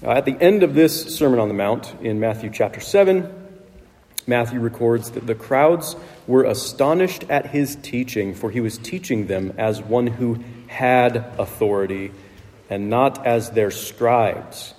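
A man preaching a sermon in a relaxed, conversational way, with asides to the congregation. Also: mid-range voice, unhurried. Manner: conversational, with asides and light laughs. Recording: long reverb of a large hall.

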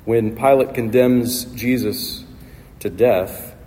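A man's voice: mid-range voice, slow, warm tone. A male pastor preaching a sermon with emphatic, repetitive rhetorical phrasing, recorded in a church hall. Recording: long hall reverb, faint noise.

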